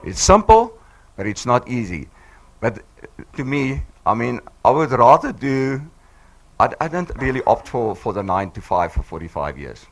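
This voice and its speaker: A man in his sixties with a husky voice, hoarse from flu, giving an emphatic, encouraging motivational speech to a live audience on a handheld mic. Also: medium pitch, very animated, moderate pace. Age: 60s. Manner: emphatic, encouraging, repeats for effect. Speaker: business team speaker. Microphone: handheld microphone.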